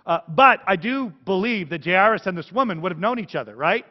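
Guy preaching, chatty and jokey, kinda high voice, echoey church sound. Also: fairly quick. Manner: animated, conversational, jokey preaching. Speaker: pastor. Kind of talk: sermon. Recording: echoey hall, dull sound.

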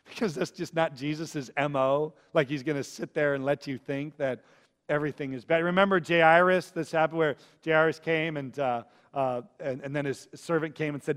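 A man with a fairly high voice preaches, telling his story with animated energy. He moves from big emphatic lines to near-whispers. His voice carries a long reverb, as if he were in a large hall. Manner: animated storytelling, swings from loud to hushed. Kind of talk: sermon.

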